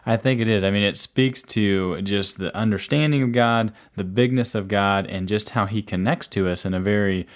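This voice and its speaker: Man, lowish voice, podcast co-host, easygoing, agreeable. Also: normal speed, few pauses. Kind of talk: casual faith discussion.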